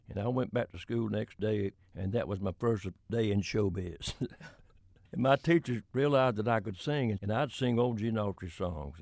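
An older man with a drawl spins folksy anecdotes, chuckling now and then. His voice sits low with a gravelly texture, and the recording is dry and close. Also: moderate pace, a little mellow, no echo. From Florida. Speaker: country singer-songwriter guest. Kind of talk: storytelling in an interview.

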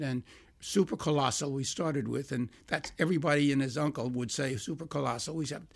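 An older man, a songwriter being interviewed, telling lively anecdotes, acting out quoted dialogue and laughing as he goes. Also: fairly high pitch, a little fast, vocal fry, husky. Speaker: songwriter guest.

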